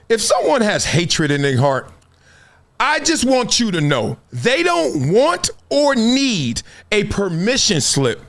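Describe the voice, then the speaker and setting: With a high-pitched, slightly bright voice, a middle-aged man hosts a sports talk livestream out of his home studio. He plays off the chat, building things up emphatically and laughing frequently.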